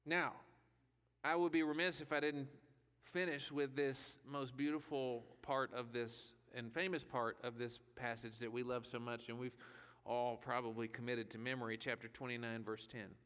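Bright-voiced man preaching in a hall. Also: medium pitch, little pitch movement, moderate pace, smooth. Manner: conversational preaching with rhetorical questions. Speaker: pastor. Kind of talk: sermon. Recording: long reverb of a hall.

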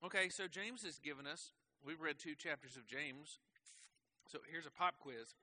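Male pastor, bright and forceful tone, slightly high, casual sermon delivery with rhetorical questions. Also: moderate pace, a little hiss or hum. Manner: conversational preaching with rhetorical questions. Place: church.

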